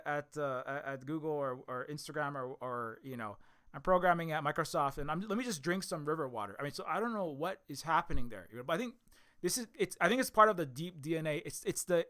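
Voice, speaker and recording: A man giving a rambling, scornful opinion commentary, talking in an animated way and often restarting and repeating words. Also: on the high side. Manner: scornful, mocking. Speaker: commentary video host.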